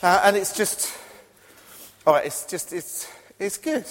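A man preaching a lively sermon to a congregation, telling stories with sudden loud excited bursts. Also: sits high, a little slow. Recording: long hall reverb.

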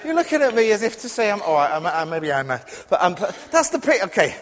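A man's voice: high-pitched, fast, crowd noise. Man preaching in a reverberant church hall. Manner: animated storytelling with sudden loud excited bursts. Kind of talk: lively sermon.

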